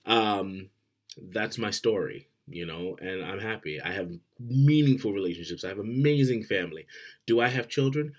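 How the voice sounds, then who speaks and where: A man giving blunt, profane relationship advice straight to the camera, swinging between loud and quiet. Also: lowish voice, lively intonation, normal speed. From Florida. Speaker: vlogger.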